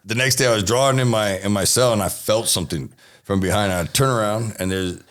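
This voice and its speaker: A man's voice: on the low side, a little fast, fairly bright tone. A man from Texas telling a rambling, swearing story as an interview guest.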